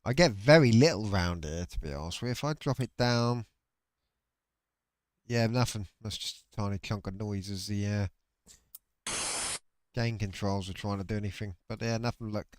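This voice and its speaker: A man's voice: lowish voice, moderate pace, long pauses. A man, streaming casually about scanning radio bands, chatty and sweary. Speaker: radio hobbyist livestreamer. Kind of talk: casual livestream commentary.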